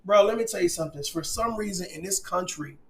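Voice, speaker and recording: Fired-up man ranting, high voice. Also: fast talker, gravelly, crowd noise. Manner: emphatic, shouts points, mocking quotes, swears; laughs through his points. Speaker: commentator. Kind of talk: passionate opinion rant.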